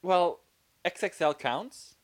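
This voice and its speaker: A man's voice: high voice, expressive, slow. A man co-hosting a casual podcast chat, laid-back and jokey, often trailing off mid-thought. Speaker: podcast co-host.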